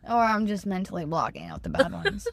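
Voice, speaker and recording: A woman's voice: fairly low pitch, huge pitch swings, brisk, dry recording. A seventeen-year-old woman with a Texan accent, telling a story in a casual chat, full of "like" fillers. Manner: chatty, many "like" fillers, acts out quotes. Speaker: guest, store employee.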